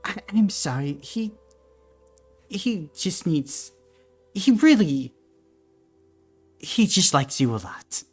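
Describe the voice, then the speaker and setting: A woman game master voicing a middle-aged dwarven mother who apologizes quickly and fusses over her guests. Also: lowish voice, big pitch swings, a little mellow, slightly rough, soft background music, voice pushed up, heavily acted. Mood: apologetic.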